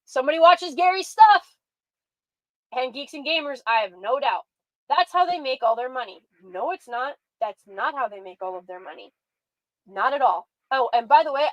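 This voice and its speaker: A woman's voice: high voice, no echo, rough recording. A woman hosting a commentary show, reacting with sarcastic, exasperated rants. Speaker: commentary host.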